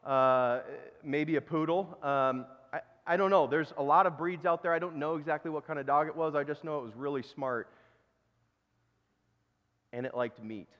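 A man's voice: fairly high pitch, normal speed. A male pastor preaching a sermon in a conversational, self-deprecating way, telling a story. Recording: dull recording with long church reverb.

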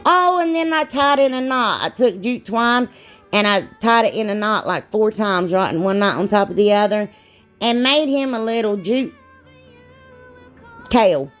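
A woman's voice: medium pitch, animated, measured pace. Woman, chatty, rambling, self-deprecating, craft tutorial, faint music behind. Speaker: DIY crafts vlogger. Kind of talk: casual craft tutorial narration.

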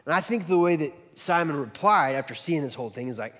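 A pastor preaches a sermon in a slightly high voice, telling a story with animation and shifting quickly between loud and soft. The recording has a long reverb tail.

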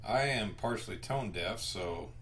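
A man hosting a home guitar tutorial, short of breath and speaking in slow, halting phrases with pauses. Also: fairly low pitch, animated, fairly bright tone, a little hiss or hum.

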